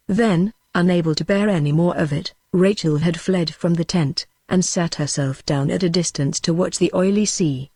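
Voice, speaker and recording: A text-to-speech woman's voice with a British English accent narrating a novel in an even, synthetic manner. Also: on the low side, moderate pace, hardly any pauses, no room sound. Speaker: audiobook narrator. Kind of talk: scripted narration.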